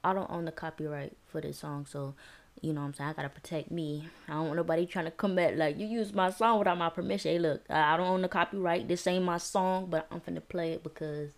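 A woman hosting her own podcast in a casual, playful manner, teasing herself, stretching words out and laughing often. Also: fairly low pitch. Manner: animated, rhyming and drawn-out words. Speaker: podcast host. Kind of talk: casual solo podcast talk.

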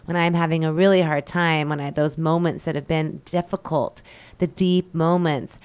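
A woman's voice: sits low, fairly even intonation, normal speed, a little mellow, clean tone. A woman co-hosting a radio talk show, speaking emphatically and enthusiastically about spiritual growth. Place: radio studio.

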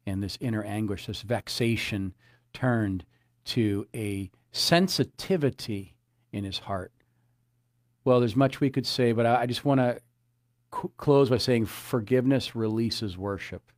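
A man's voice: lowish voice, a little slow, darkish tone, no room sound, studio quality. A man preaching a sermon as a pastor, earnest, often repeating his phrases and citing scripture.

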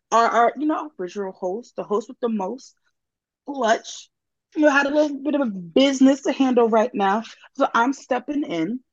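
A woman's voice: a little high, no echo, highs cut off. Playful hype woman hosting a podcast. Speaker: stand-in host. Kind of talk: casual podcast chat.

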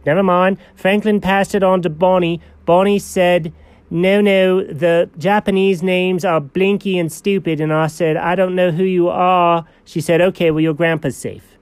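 A man's voice: high-pitched, little pitch movement, unhurried, clean tone, dry recording. A man co-hosting an improvised comedy show, rambling playfully with theatrical gasps. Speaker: comedy co-host.

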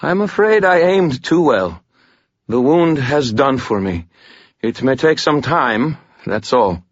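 A regal, stern woman captain gives orders with unshakable authority, as a male narrator puts her on. The voice is husky and pitched up from the reader's low register. The sound is dry and a bit dull. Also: expressive, slow pace, no room sound. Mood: weak, urgent. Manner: commanding, authoritative. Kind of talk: audiobook character voice.

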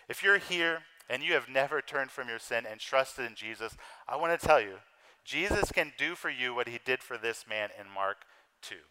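A man in his thirties preaching an earnest sermon with a bright, forceful tone. His voice is clear and smooth, and it swells and drops in loudness and speed as he drives his points home. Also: mid-range voice, rough recording. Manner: earnest preaching with wide swings in loudness and pace. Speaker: pastor.

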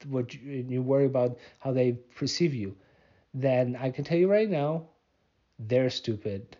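A man's voice: medium pitch, mellow, slightly rough, muffled recording. A tired man hosting a casual solo podcast, rambling and mocking himself with many restarts and fillers. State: tired, yawning. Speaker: podcast host.

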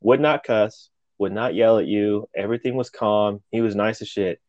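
A man co-hosting a podcast spins a story with casual energy, heavy profanity and quotes he acts out. His voice is on the low side at a moderate pace, in a dry recording with dull audio.

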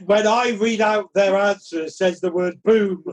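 A man's voice: high-pitched, unhurried. A man hosting a comedy quiz over a video call, reading out answers with playful mock drama. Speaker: quiz host.

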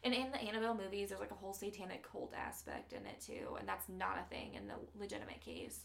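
A woman's voice: medium pitch, huge pitch swings, fast talker, vocal fry. A woman podcast host casually retelling a true story in a studio, chatty with many fillers.

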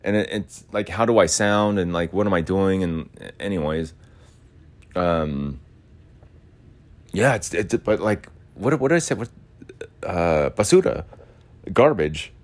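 Young guy from the us, deep low voice, rambling podcast talk, tons of "like" and cussing. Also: measured pace, pauses often. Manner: rambling, loose, full of "like" fillers and swearing. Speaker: podcast host. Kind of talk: casual rambling monologue.

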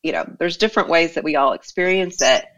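A woman's voice: low-pitched, fast, highs cut off. A woman hosting a casual podcast chat about spirit and life paths, reflective and full of fillers. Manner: warm, reflective, many fillers.

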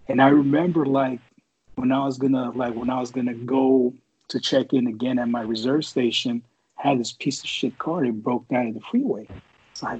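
A middle-aged man from the San Francisco Bay Area, formerly a Marine reservist, chats casually through a war story that wanders, swears, and leans on filler. His medium-pitched voice is brisk, a little mellow, and breathy, with lo-fi sound.

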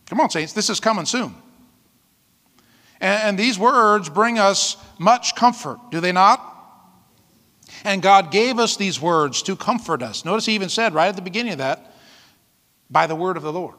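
Exuberant high-voiced male pastor preaching. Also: expressive, normal speed, pauses often, pushed and bright, in a large hall. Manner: exuberant, whooping and laughing between scripture readings. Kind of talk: sermon. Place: church.

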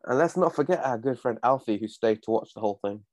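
Brief: twenties guy, mid-pitched voice, joking banter, dry room. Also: expressive, quick pace, darkish tone, no room sound. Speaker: podcast co-host. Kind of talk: casual chat.

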